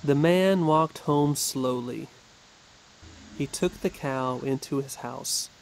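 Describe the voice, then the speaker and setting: A man narrating a storybook slowly and clearly for English learners. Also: medium pitch, a little hiss or hum, poor audio. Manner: slow, clear, careful.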